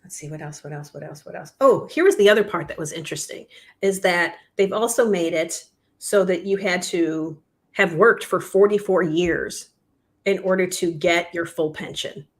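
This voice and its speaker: A woman's voice: on the low side, normal speed. A woman co-hosting a talk show, discussing news in a conversational, earnest way and laughing easily. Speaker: podcast co-host. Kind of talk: casual discussion.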